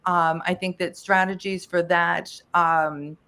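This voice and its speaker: A woman's voice: fairly low pitch, level tone, takes it slowly, sharp tone, clean tone. Fields: Woman. Role: emphatic podcast guest. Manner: talkative and emphatic, many restarts. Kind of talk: casual interview chat.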